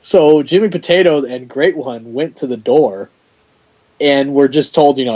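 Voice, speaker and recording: With a mid-range voice and a measured pace, a man hosts a podcast on dull-sounding audio. His casual chat is full of animated stories, acted-out quotes, and frequent laughter.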